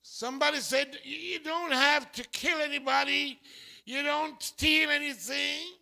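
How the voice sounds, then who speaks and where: A man from St preaching a sermon in a church, shifting from quiet talk to impassioned shouting. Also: extremely high pitch, steady tone, unhurried, gravelly.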